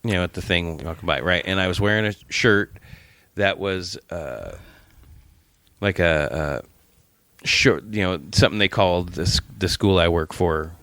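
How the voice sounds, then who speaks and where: A man's voice: deep voice, moderate pace, bright, forceful tone, no echo. A man co-hosting a casual home podcast, telling stories with loose profanity. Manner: profane storytelling. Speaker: podcast co-host.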